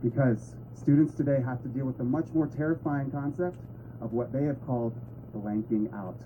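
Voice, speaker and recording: A man's voice: medium pitch, normal speed, dull audio, a little hiss or hum. A man giving a talk to an audience in a conversational way with playful asides. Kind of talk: presentation to an audience.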